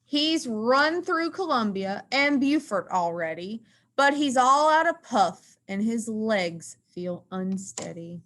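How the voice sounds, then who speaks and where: A woman teacher reading a rhyming picture book aloud in an expressive, sing-song way. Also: on the high side, takes it slowly.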